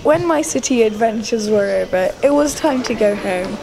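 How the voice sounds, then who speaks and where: A woman's voice: fairly high pitch, animated, moderate pace, vocal fry. A woman narrating her day out in a chatty vlog, laughing now and then as she talks. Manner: chatty, laughs mid-sentence. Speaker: vlogger. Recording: music playing behind.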